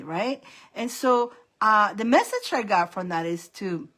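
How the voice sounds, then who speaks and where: A woman's voice: medium pitch, animated, a little slow, a bit bright. A middle-aged woman hosting a casual live stream of psychic readings, rambling and laughing often. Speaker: psychic reader and live host.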